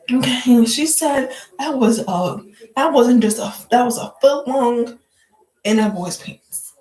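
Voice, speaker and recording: A woman's voice: fairly high pitch, mellow, reverberant, low-quality recording. A woman vlogger giving casual gossip commentary, blunt, profane and joking, full of "like" fillers.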